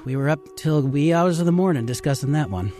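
A middle-aged man, a river rafting trip leader, telling stories as an interview guest in an earnest, halting way full of fillers. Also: fairly high pitch, expressive, mellow, soft background music.

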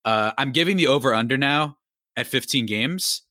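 A man's voice: medium pitch, moderate pace, no echo, clean studio sound. Rambling, upbeat young male podcast host. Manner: rambling, animated, self-interrupting. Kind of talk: casual sports talk.

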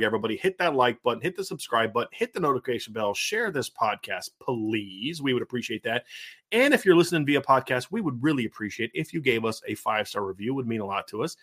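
A man with a Savannah, Georgia accent hosting a sports podcast, excitable and rambling, often repeating himself. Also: medium pitch. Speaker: podcast host. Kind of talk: casual sports podcast chat.

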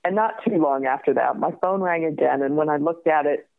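A woman in her fifties, a guest telling her story in a lively way, laughing often and acting out the other voices. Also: low-pitched, brisk, gravelly. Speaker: guest, crime survivor. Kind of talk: personal storytelling in an interview. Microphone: phone call. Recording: tinny phone line.

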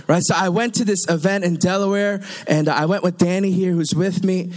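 A young man preaching a sermon, telling stories in a conversational, animated way with quick asides. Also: high-pitched.

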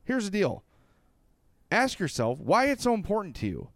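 A sports podcast co-host from Illinois, giving opinionated hockey talk in an emphatic, repetitive, lecturing way. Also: male voice, sits high, wildly swooping pitch, moderate pace, a bit bright, no room sound. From Illinois, USA.

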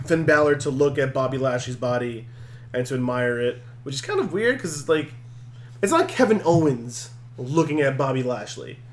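A man hosting a podcast, recapping events in a casual, animated and jokey way. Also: medium pitch, a little hiss or hum. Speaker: podcast host. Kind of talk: casual wrestling recap chat.

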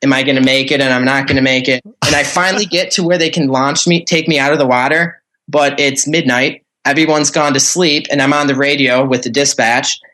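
A man's voice: mid-range voice, fairly even intonation, a little fast, sharp tone. A man, a podcast guest, telling a story in a loose, rambling way with lots of fillers. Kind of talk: casual storytelling.

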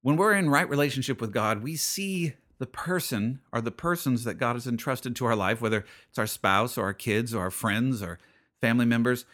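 A man's voice: mid-range voice, normal speed, fairly bright tone. A man hosting a radio show, preaching in an earnest, conversational way and often repeating his phrases. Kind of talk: radio sermon.

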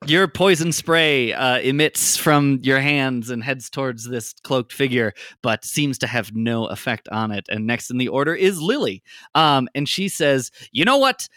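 A man runs a tabletop game as its game master, narrating the scene in a relaxed way full of ums and uhs. His voice is bright and forward, recorded dry and close with no room sound. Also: mid-range voice, a little slow, dry recording.

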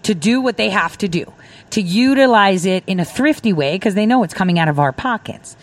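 A woman's voice: mid-range voice, expressive, a little fast. A woman talking as a guest on a political talk show, emphatic and rambling, acting out quoted exchanges as she explains. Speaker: defense contractor. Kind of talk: political talk radio conversation.

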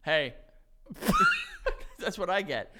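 A man's voice: sits high, wildly swooping pitch, drawn-out words, very noisy. A man co-hosting a podcast in casual chat, who laughs often and swears freely. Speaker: podcast co-host.

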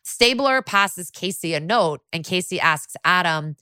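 A woman's voice: fairly low pitch, lively intonation, unhurried, sharp tone, smooth, dry recording, clean studio sound. A woman co-hosting a podcast, recapping in a casual, chatty way, full of "like" and the odd swear word. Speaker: podcast co-host.

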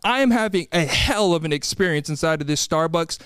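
A man hosting a podcast, telling comedic stories in an animated, exasperated way and acting out the people in them. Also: on the high side, a little fast, clear, resonant tone, no room sound, studio quality. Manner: animated, exasperated storytelling with quoted voices. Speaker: podcast host. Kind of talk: comedic storytelling monologue.

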